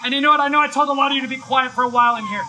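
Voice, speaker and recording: A man preaching live, telling an excitable story with lots of shouting and bursts of energy. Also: extremely high pitch, very fast, low-quality recording. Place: live event, outdoors or hall.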